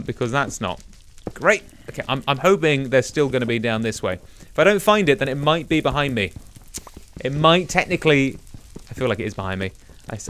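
A young man, chatting casually to himself as he plays a game, rambling and breaking into sudden excited exclamations. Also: mid-range voice, a little hiss or hum. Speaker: let's play gamer. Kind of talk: casual gameplay commentary.

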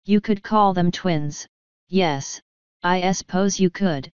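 A woman's voice: fairly low pitch, slow, clear, resonant tone, dry recording, dull audio. A woman voicing a chatty elderly midwife with folksy, g-dropping speech. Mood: reminiscing.

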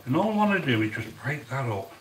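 A man's voice: medium pitch, big pitch swings, quick pace, recorded from a distance, noisy background. Chatty middle-aged man, roomy kitchen. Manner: chatty, talks straight to viewers, gives shout-outs. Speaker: cooking channel host. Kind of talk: live-stream cooking chat. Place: home kitchen. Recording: echoey kitchen, speaker off-mic. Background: frying and sizzling in the pan.

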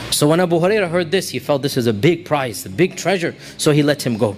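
A man's voice: on the high side, animated, fast talker, hardly any pauses, faint music behind. A man giving a religious lecture in a storytelling manner, quoting the people in his tale and reciting passages in Arabic. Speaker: Islamic preacher.

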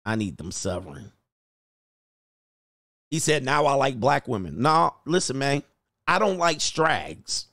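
A man's voice: mid-range voice, sing-song, measured pace, a bit bright, no echo, studio quality. A man hosting a livestream, riffing and ranting in slangy casual reaction commentary and laughing often. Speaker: livestream host.

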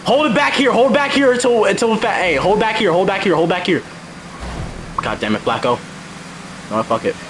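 A young man streaming a racing game live, commentating excitedly from a home setup. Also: high-pitched, normal speed, long pauses, noisy background. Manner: excitable, shouting and laughing during races. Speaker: gaming streamer.

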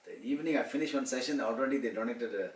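A man's voice: mid-range voice, racing. A man in his sixties from Malaysia, telling personal stories at an informal devotional gathering and acting out the dialogue. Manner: animated storyteller who acts out quoted dialogue. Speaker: motivational speaker. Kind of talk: informal devotional storytelling talk. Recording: echoey room, far-off mic, faint hum.

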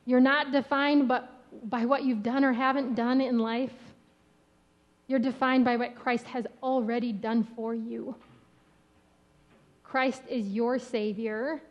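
A woman pastor giving a sermon with a gentle, rhythmic delivery. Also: a little high, little pitch movement, slow, long pauses, dull audio. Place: church sanctuary.

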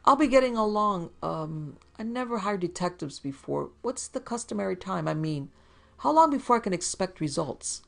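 A woman voicing a fussy, wheedling middle-aged man in a storybook reading, in a prim, high-pitched way. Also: expressive, normal speed, vocal fry.

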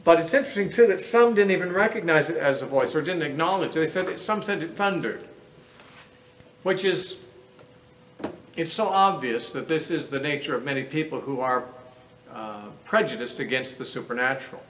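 A man, a Bible teacher, gives an earnest classroom lecture, reasoning through each point aloud. His voice sits a little high for a man. It carries a roomy echo with a faint hiss of noise underneath. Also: animated, moderate pace, fairly bright tone. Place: lecture room.

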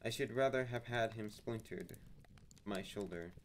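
A man reading aloud and voicing an eager, excitable young male servant in a storybook reading. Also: lowish voice, a little slow, slight background noise. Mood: indignant.

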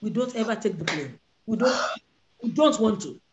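A woman's voice: medium pitch, expressive, normal speed, dull audio, background noise. A woman leading a prayer call, preaching and acting out the voices of Bible figures. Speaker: prayer leader. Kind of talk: sermon on a prayer line.

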